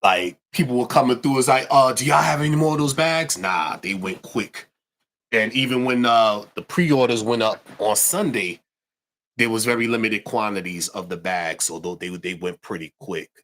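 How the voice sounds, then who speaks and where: A man's voice: lowish voice, normal speed, a bit bright. A man co-hosting a casual livestream chat, laid-back and slangy, often repeating words as he restarts. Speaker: yarn company co-host.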